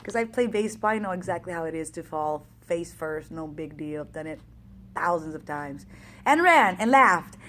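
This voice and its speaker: A woman fitness coach telling a race story in a casual, energetic, chatty way, acting out the back-and-forth. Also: lowish voice, normal speed.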